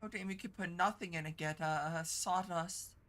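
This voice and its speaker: A woman streamer in casual live-stream chat, teary and congested from crying, halting and stumbling over her words. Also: on the low side, steady tone, fairly bright tone.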